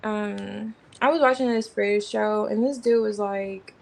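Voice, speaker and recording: A woman's voice: medium pitch, steady tone, a little slow, creaky, a little mellow, poor audio. A woman giving a casual tarot reading in an informal, slangy way, thinking aloud as she names the cards. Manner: rambling, thinking aloud while naming cards. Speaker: tarot reader.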